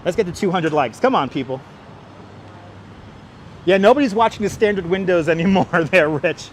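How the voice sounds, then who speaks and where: Male livestream host, high voice, playful and jokey, walking outdoors on a wireless lapel mic with faint traffic noise. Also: expressive, moderate pace. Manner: jokey, breaks into playful singing, reads out viewer names. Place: outdoors on an elevated city park walkway. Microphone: wireless clip-on mic, phone on gimbal.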